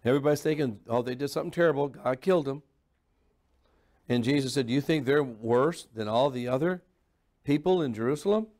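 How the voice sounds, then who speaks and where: A man's voice: medium pitch, brisk, darkish tone. A man preaching a sermon in a church, emphatic and sarcastic, often mocking opposing views in put-on voices. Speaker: pastor.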